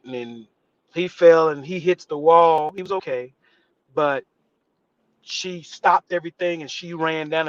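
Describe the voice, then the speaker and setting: A man's voice: fairly high pitch, dry recording, muffled recording. A man, an actor guest on a live interview show, telling a story and acting out the voices of the people in it. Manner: animated, acts out quotes with voice shifts.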